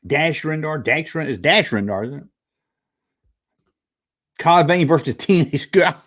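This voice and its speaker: Rambling livestream host, talking to chat. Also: male voice, a little high, expressive, unhurried, a bit bright. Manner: rambling, reading chat aloud. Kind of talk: casual livestream review chat.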